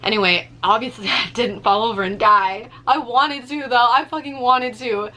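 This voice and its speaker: A young woman telling a story in a casual vlog, animated, swearing freely and using lots of fillers. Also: a little high, moderate pace. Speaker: vlogger.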